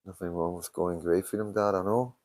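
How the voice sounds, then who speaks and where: Older streamer with a very low voice, tired and sweary, chatting loosely to his viewers. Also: fairly even intonation, fairly quick, darkish tone. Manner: swears a lot, tired and yawning. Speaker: livestream host. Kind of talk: casual live-stream chat reading comments.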